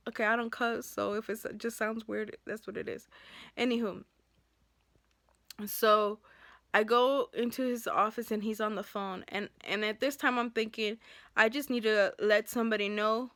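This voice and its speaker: A woman telling an unscripted story of a clash at work straight to camera. She talks heated and animated, addressing her viewers like a close friend. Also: on the high side, normal speed, dry recording. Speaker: school bus driver.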